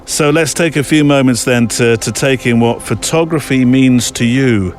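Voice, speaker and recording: A man's voice: medium pitch, moderate pace, soft background music. A middle-aged man hosting a photography podcast in a casual, rambling, self-deprecating way, with many fillers. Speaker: podcast host. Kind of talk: casual chat.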